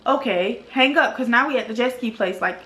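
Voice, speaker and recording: A young woman tells a storytime to her viewers, animated and exasperated, with plenty of casual slang. Her voice sits a little high, and the room adds a clear echo around it. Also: brisk. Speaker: vlogger. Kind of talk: storytime vlog. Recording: roomy echo.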